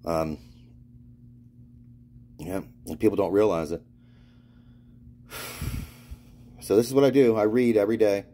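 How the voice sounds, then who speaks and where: A man from Florida talks in a loose, meandering monologue, drifting between restarts and trailing thoughts. His voice sits low with a mellow, soft-edged tone. He swears freely and laughs through his own stories. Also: animated, a little slow, pauses often. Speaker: spiritual vlogger. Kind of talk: rambling monologue.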